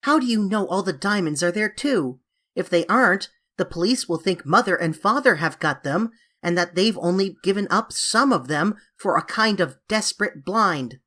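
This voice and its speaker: A woman's voice: mid-range voice, lively intonation, normal speed, a bit bright. A woman voicing an eager, coaxing young English girl who pleads dramatically, in a storybook reading. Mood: pleading.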